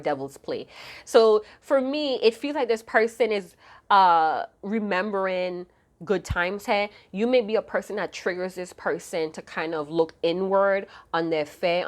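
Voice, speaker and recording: A slightly hoarse woman with a somewhat low voice reads tarot cards for her viewers. She talks in a loose, chatty way, full of slang and the odd curse, and hums along to songs she hears in her head. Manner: chatty, slangy and profane, hums song snippets. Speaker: tarot card reader. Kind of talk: casual tarot reading to viewers.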